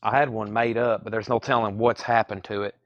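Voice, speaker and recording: A man's voice: lowish voice, flat delivery, a little fast, dull audio. A man hosting a live-streamed vinyl sale from a record store, chatting casually and rattling off titles and prices. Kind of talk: live-stream sales patter.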